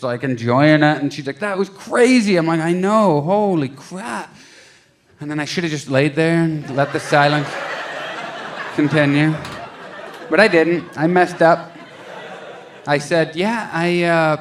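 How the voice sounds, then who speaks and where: A young adult man performing a stand-up comedy set on a club stage into a handheld mic, telling a story with lively acted-out quotes. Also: mid-range voice, a little hiss or hum. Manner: animated storytelling, acting out quotes.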